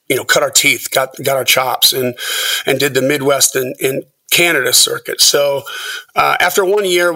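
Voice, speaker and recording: Bright-voiced middle-aged man telling stories. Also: medium pitch, far from the mic. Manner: animated, acts out quoted people. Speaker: podcast guest, music producer. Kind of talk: storytelling interview.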